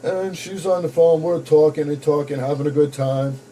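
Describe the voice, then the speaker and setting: A man's voice: a little high, moderate pace, dark tone, slight background noise, poor audio. Blunt young man telling his story. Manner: blunt, profane, addresses viewers as folks. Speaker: vlogger. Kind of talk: personal storytelling to camera.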